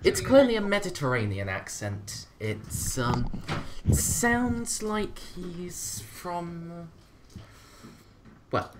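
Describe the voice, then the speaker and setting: A man running a tabletop horror game as game master, narrating slowly and hesitantly with many ums. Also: on the low side. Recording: noisy with keyboard clicks.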